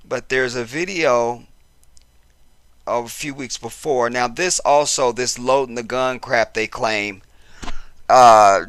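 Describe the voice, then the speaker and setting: Bright-voiced passionate man commenting. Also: medium pitch, no echo. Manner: passionate, blunt, profane. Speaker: vlogger commenting on the news. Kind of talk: casual commentary.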